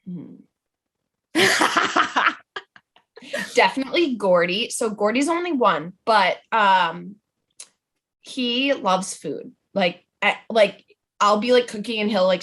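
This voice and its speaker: A woman's voice: mid-range voice, animated, takes it slowly, pauses often, a bit bright. A young adult woman chatting as a podcast guest, playful and full of fillers like "like" and "um". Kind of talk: casual podcast chat.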